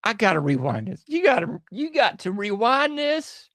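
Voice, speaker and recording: A man's voice: high voice, big pitch swings, moderate pace, a bit bright, dry recording. Sarcastic laughing male podcast host. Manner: sarcastic, laughing, drawling slang. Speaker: show host. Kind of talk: casual podcast commentary.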